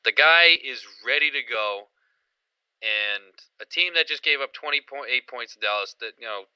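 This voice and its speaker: A man co-hosting a sports podcast, talking in a rambling, excited way with lots of fillers. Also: mid-range voice, moderate pace, smooth, no room sound, highs cut off. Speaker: podcast co-host. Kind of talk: casual sports chat.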